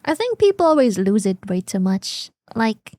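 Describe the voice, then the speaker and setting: A woman from Germany chats on stream in her German accent, sarcastic and quick to giggle. Her voice sits fairly high, recorded close and dry on a desk mic. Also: very animated, a little mellow, dry recording. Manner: sarcastic, giggly, swears casually. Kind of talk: casual chat.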